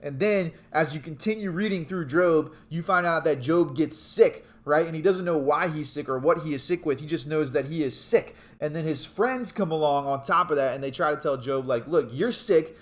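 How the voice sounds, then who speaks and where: A man's voice: fairly high pitch, moderate pace, few pauses, a bit bright. A young adult man giving a casual youth sermon as a youth pastor, chatty and joking as he tells stories.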